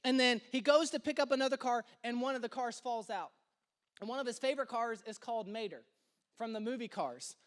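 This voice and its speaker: Male pastor, high voice, casual storyteller who punches key lines. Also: a little fast. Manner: casual storytelling, animated emphasis. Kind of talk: sermon.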